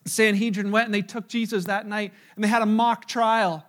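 High-voiced animated male preacher. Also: brisk. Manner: animated storyteller, voices crowd quotes, drops to hushed tones. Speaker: pastor. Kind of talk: sermon with acted-out dialogue.

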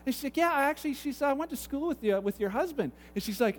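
A man preaching in a church sanctuary, his voice sitting very high for a man. He tells stories lively, acting out each conversation. The sound carries a long hall reverb. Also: quick pace. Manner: animated, acts out conversations, gets loud and excited. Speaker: pastor. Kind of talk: sermon with storytelling.

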